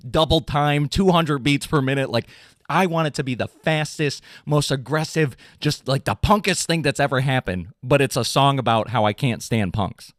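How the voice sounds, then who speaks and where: A young adult man, a podcast host, ranting in an animated, casual, swearing way. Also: normal speed, dry recording, studio quality. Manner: animated, swearing, mocking voices in high pitch. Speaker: drummer in a pop punk band. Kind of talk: casual comedic rant.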